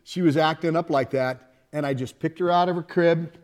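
A man's voice: fairly high pitch, moderate pace. A middle-aged man preaching a sermon in a folksy, conversational way, with asides and laughter shared with his congregation. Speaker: pastor.

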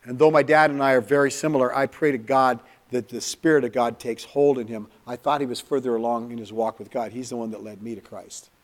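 A middle-aged man from California preaching in a church, telling a personal story in an emotional, confessional way, often dropping to a near-hush. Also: mid-range voice, fairly even intonation, fairly quick, few pauses. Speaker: pastor. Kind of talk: sermon storytelling.

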